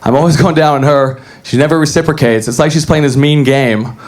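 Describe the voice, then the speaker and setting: A young man doing a deadpan, self-deprecating stand-up comedy set on a club stage. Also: on the high side, fairly quick.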